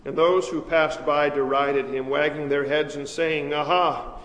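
A man reading the Gospel aloud at a church service, in a measured, solemn cadence. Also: fairly high pitch, flat delivery. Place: large church. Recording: echoey church, reverb from far.

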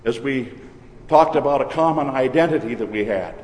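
A man with a Minnesotan accent, a pastor preaching a sermon in a measured, deliberate cadence. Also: mid-range voice, animated, darkish tone. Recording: echoey church hall with long reverb.

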